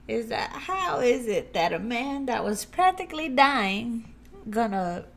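A woman's voice: fairly high pitch, big pitch swings, a little slow, gravelly, a bit bright. A woman co-hosting a casual podcast chat, giggly and chatty. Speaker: podcast co-host.

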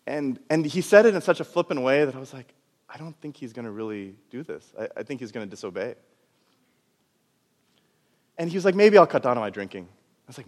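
A man who is a doctor preaching a sermon and telling his own story in an animated way, laughing at himself. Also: fairly high pitch, fairly quick, long pauses. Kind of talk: sermon testimony. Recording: long hall reverb.

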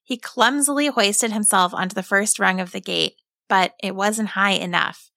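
A woman calmly and expressively narrating a children's story as a storyteller. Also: medium pitch, moderate pace, vocal fry, no echo, studio quality. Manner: calm, expressive read-aloud.

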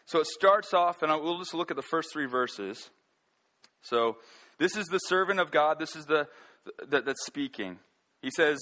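A man preaching a sermon, earnest and halting, often restarting his sentences. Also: a little high, sharp tone. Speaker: pastor.

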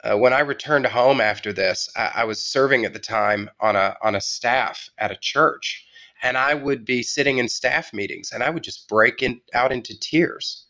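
A man as an interview guest, telling a story in a reflective, measured way with halting restarts. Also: medium pitch, bright, forceful tone. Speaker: guest writer.

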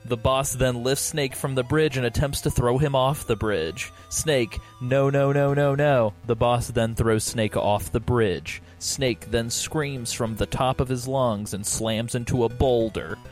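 A man's voice: mid-range voice, measured pace, few pauses, faint music behind. A man hosting a podcast who reads a fan story aloud with mocking, exaggerated emphasis. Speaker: podcast host. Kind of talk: comedic dramatic reading.

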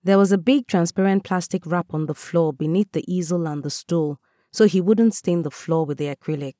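Woman, calm storyteller, mellow tone, dry close sound. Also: lowish voice, normal speed, dry recording. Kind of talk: scripted first-person narration.

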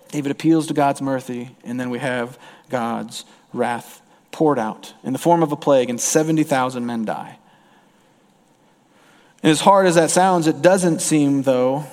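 A man's voice: medium pitch, a little mellow. Man, pastor, sermon, earnest, rising and falling emphasis, long hall echo.

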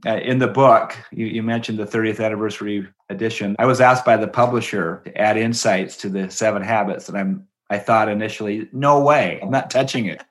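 A middle-aged man talking as a guest in a conversational interview, an animated storyteller who acts out the voices he quotes and laughs as he talks. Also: fairly low pitch, brisk, hardly any pauses. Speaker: guest, education company president.

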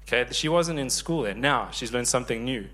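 A man in his thirties preaching a sermon, lively and joking with the congregation. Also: mid-range voice, a little fast. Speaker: pastor.

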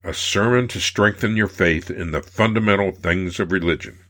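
Man, very deep voice, narrator, reading old letters aloud, measured and unhurried. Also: a bit bright.

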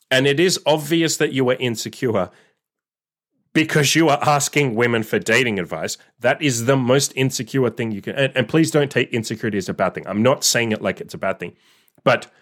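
A man's voice: mid-range voice, fairly bright tone. A young man giving blunt, casual dating advice in a solo monologue, swearing freely and acting out what others would say. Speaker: dating coach.

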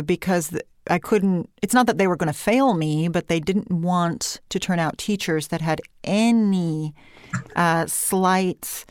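A woman voice and speech coach with a Californian accent, explaining her work in an animated interview conversation. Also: on the low side, no room sound, clean studio sound. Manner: animated explanatory talk with light vocal fry and uptalk.

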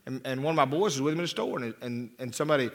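A man's voice: medium pitch, rapid-fire, fairly bright tone. A man preaching a sermon as a pastor, folksy and rambling, with frequent restarts and repeated words. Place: church.

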